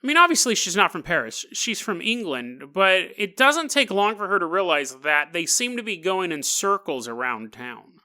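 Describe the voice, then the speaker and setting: A man's voice: high-pitched, big pitch swings, normal speed, hardly any pauses, sharp tone. A man hosting a podcast, telling an eerie tale in a chatty, jokey way with frequent laughs. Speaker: podcast host. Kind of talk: casual storytelling podcast.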